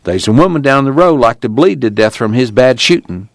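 A man puts on a defiant country ex-preacher in a spoken storybook, his voice pushed higher and firmer than the narration, with a folksy rural drawl. He sounds steady and unafraid, and the read is close and dry. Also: a little fast, no echo, lightly acted. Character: wiry rebellious ex-preacher man, calm and defiant.

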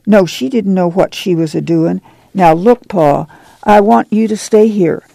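A man voicing a middle-aged rural mother with a drawl, speaking in a steady, stern, often hushed way. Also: sits high, measured pace, creaky, no echo, full character voice.

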